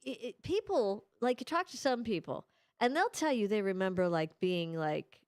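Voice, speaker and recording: Chatty woman radio host, smooth voice. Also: medium pitch, animated, moderate pace, no echo. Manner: chatty, laughing storyteller. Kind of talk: casual studio chat. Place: radio studio.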